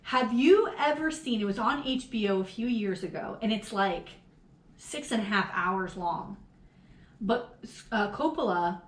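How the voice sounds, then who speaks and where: A woman's voice: mid-range voice, expressive, unhurried. A woman co-hosting a podcast, chatting casually, laughing often and swearing freely. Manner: laughing, profane, quotes film lines in put-on voices. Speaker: podcast co-host. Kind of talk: casual chat. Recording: echoey room.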